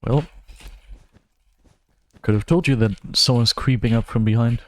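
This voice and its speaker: A man's voice: medium pitch, a little slow, dry recording. A young man from Germany, giving wry, self-mocking running commentary while streaming a game. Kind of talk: casual gameplay commentary.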